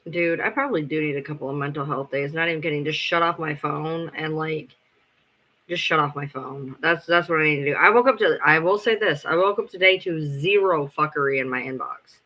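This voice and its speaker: A man's voice: fairly high pitch, fairly quick, pushed and bright. A man chatting casually on a live stream, rambling, swearing freely and answering his chat as he goes.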